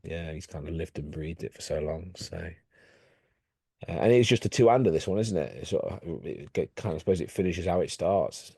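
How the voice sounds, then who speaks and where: A man, co-hosting a podcast in relaxed, hesitant casual chat. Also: low-pitched, brisk, creaky, slightly rough, no room sound, clean studio sound. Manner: relaxed, hesitant, many fillers. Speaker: podcast co-host.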